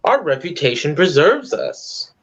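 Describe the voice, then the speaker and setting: A man's voice: on the high side, sing-song, unhurried, a bit bright, dull audio, full character voice. A man voicing a big, smug male cactus in a stage play, making dry remarks.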